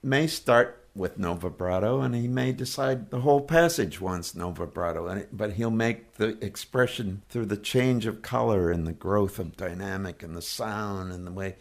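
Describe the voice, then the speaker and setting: An older man, a guest orchestrator, speaking thoughtfully and measuredly with a gently dry manner in an interview. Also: on the low side, normal speed, creaky, hardly any pauses. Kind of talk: reflective interview talk.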